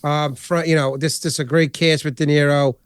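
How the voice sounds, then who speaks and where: A man hosting a podcast, chatting casually in a rambling, animated way and swearing constantly. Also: fairly high pitch, brisk, clear, resonant tone, no echo, studio quality. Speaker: podcast host. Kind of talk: casual chat.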